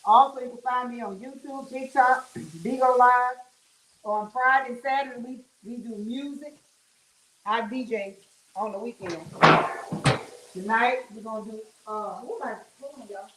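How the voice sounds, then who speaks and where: Woman livestream host, high voice, folksy chatter, echoey kitchen with fish sizzling behind. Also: normal speed, noisy background. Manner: chatty, folksy, calls viewers honey and child. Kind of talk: casual livestream chat while cooking. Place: home kitchen. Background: fish frying and sizzling.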